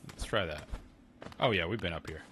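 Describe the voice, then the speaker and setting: A man with a fairly low voice talks his way through a game stream, chatty one moment and muttering to himself the next. The recording carries a clear layer of noise and clicking. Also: normal speed, fairly bright tone. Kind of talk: casual gameplay commentary.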